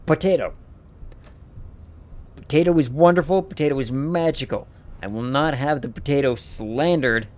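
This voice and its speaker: A man's voice: medium pitch, normal speed, pauses often, darkish tone. A man streaming a game, riffing with playful mock outrage and rambling enthusiasm. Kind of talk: casual gameplay commentary.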